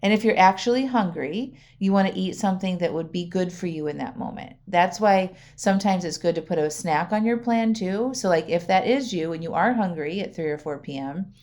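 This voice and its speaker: A woman's voice: on the low side, fairly quick, few pauses, darkish tone. A woman hosting her own podcast as a coach, talking casually and directly to listeners, often checking in with "right?" and laughing lightly. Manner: chatty, frequent "right?" and "okay?", laughs often. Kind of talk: casual solo podcast talk.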